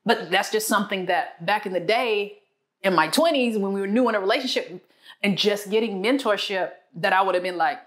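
Animated woman telling a marriage story. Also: a little fast. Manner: animated, acts out her own quotes with big pitch jumps. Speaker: guest on a marriage talk show. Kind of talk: candid storytelling talk. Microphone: lapel mic.

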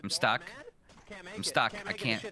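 A young man playing a horror game, joking, swearing and reacting loudly in casual commentary. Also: medium pitch, lively intonation, unhurried, very noisy. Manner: joking, profane, loud reactions. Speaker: gaming streamer. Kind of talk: casual let's-play commentary.

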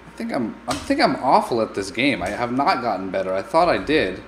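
A man's voice: mid-range voice, big pitch swings, a little fast, hardly any pauses, fairly bright tone, a little hiss or hum. A man hosting a let's play, narrating his gameplay with playful, mock-scared melodrama. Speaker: gaming channel host.

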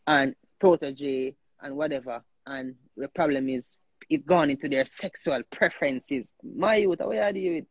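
A man with a Jamaican accent, hosting a heated casual talk, animated and emphatic, often repeating himself. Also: mid-range voice, normal speed, no room sound, low-quality recording. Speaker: host.

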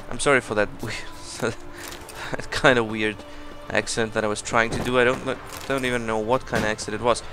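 A man hosting a let's play, giving casual commentary full of excited exclamations and rambling asides. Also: mid-range voice, normal speed, few pauses. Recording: commentary over loud game music. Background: game music.

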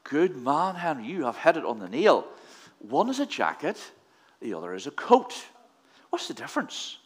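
A man's voice: fairly high pitch, sing-song, moderate pace, husky. A man giving a playful children's address in a church service, asking the children questions. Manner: playful, quizzing kids with questions. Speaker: leader of a children's talk in church.

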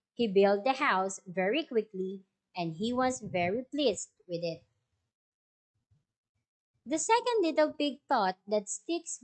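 Filipina teacher reading a storybook slowly to young pupils, fairly high voice. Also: female voice. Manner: slow, careful, questions to pupils. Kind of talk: online class lesson and storybook read-aloud.

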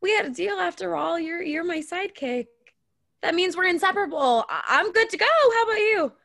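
A woman's voice: very high-pitched, animated, brisk, vocal fry, fairly bright tone, heavily acted. A woman voicing a hesitant young wife who stumbles over her words, read over a video call. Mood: pleading. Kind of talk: Zoom play reading.

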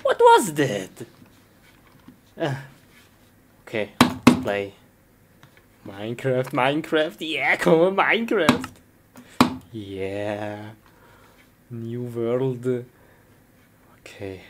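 Low-voiced woman, yelping, noisy recording. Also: sing-song, very slow, long pauses. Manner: simple broken phrasing with sudden high yelps. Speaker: skit performer. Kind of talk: comic live-action skit.

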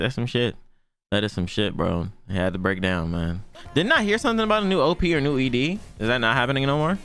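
A man's voice: fairly low pitch, a bit bright, smooth. A man hosting an anime reaction channel, talking in loose, slangy, profane commentary and laughing often.

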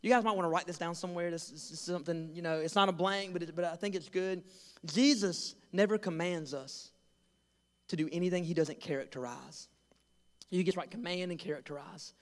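A young man preaching as a pastor, telling a funny story and acting out voices with lively, self-deprecating energy. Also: fairly high pitch, fairly quick, big-room sound. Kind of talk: storytelling sermon. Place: large church hall.

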